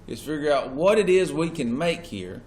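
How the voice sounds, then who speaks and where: A man's voice: a little high, animated, moderate pace, darkish tone. Man teaching in an echoey classroom. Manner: questions the class, stresses key words. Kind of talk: classroom lecture. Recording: echoey classroom with faint noise.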